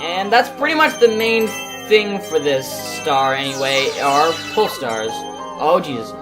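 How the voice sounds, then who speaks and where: A woman's voice: low-pitched, animated, measured pace, poor audio. A woman hosting a let's play, chatting casually about the game as she plays and swearing now and then. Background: game music.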